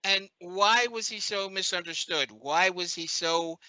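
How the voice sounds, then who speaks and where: A male co-host on a radio podcast asks his questions slowly and haltingly. His voice is very bright and sharp. The sound is dry. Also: sits high, no echo, poor audio.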